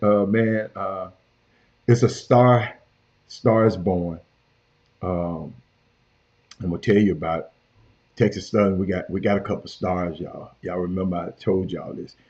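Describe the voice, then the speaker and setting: A man's voice: on the low side, a little mellow. A man hosting a sports talk show from a hotel room, talking casually and emphatically, repeating his points and calling out to his cohost and viewers. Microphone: portable camera. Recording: dull lo-fi sound.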